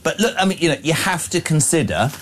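A man leads a political talk discussion with emphasis. He addresses listeners directly, and his pitch swings widely. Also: expressive, quick pace, a little hiss or hum. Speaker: talk radio host.

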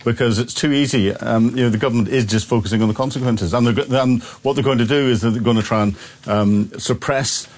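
A man from Northern Ireland with a Northern Irish accent, a studio guest speaking haltingly with restarts on a talk radio show. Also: medium pitch. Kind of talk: conversational talk radio discussion.

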